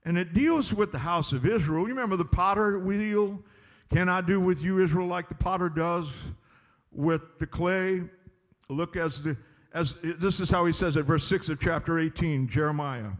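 Speaking at a moderate pace, a man with an expressive, high voice preaches in a church sanctuary. He keeps repeating himself emphatically and presses his listeners with call-and-response lines, all under a long, echoing church-hall reverb.

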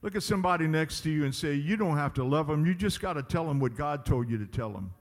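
A man's voice: a little high, expressive, fast talker, long reverb tail. A man preaching a sermon as pastor, emphatic and drawing out his words. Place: church sanctuary.

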